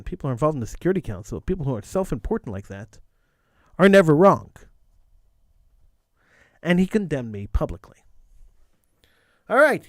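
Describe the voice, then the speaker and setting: A man's voice: fairly high pitch, a little mellow, no echo. A man hosting a call-in show, telling a story in a blunt, opinionated way and repeating phrases for emphasis. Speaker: talk show host. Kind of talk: call-in radio monologue.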